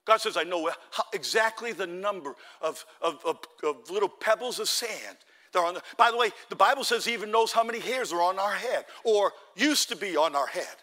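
A man preaching a sermon as pastor, building to loud exhortation and calling the congregation to answer amen. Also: high-pitched, animated, fairly quick, long reverb tail. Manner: fervent, builds to loud exhortation, calls for amens.

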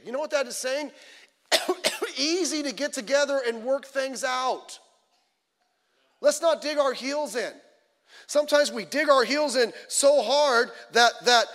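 Pastor, man, high voice, chatty sermon delivery with acted-out quotes, echoing church hall. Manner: conversational, animated storytelling with acted quotes. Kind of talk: midweek sermon. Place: church sanctuary. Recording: long reverb of a church hall.

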